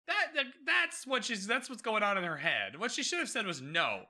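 A man hosts a casual podcast recap of a TV episode. His voice sits high and sounds very bright and forceful, with a lively, swooping pitch. He swears freely and slips into the characters' lines as he talks. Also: normal speed, hardly any pauses. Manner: animated, swearing, acting out characters. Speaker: podcast host.

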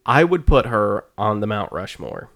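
A middle-aged man co-hosting a podcast in casual chat, hesitant and filling pauses with ums. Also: lowish voice, huge pitch swings, vocal fry, a bit bright. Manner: unhurried, hesitant, many fillers. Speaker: podcast co-host.

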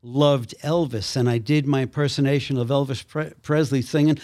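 A man's voice: mid-range voice, normal speed, hardly any pauses, dry recording, studio quality. An older man, an actor and minister, telling stories animatedly as a podcast guest, acting out the quotes. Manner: animated storyteller, acts out quotes. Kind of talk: storytelling in a podcast interview.

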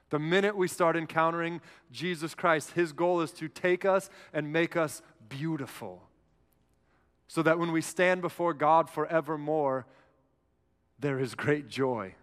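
A man preaching a sermon, retelling a scripture story in an earnest, animated way and briefly acting out a whiny character. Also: fairly high pitch, measured pace, smooth. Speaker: pastor. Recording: long hall reverb.

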